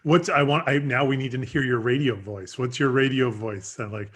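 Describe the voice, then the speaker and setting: A man's voice: mid-range voice, normal speed, a bit bright. A man hosting a casual interview, talking in an enthusiastic, rambling way with lots of restarts. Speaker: podcast host.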